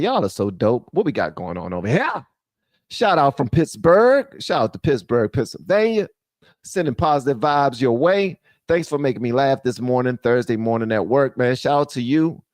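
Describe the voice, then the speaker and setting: A male streamer riffs casually to his live chat, his animated voice swinging between loud rants and low muttering across a lively, wide pitch range. The sound is dry and close, with no echo.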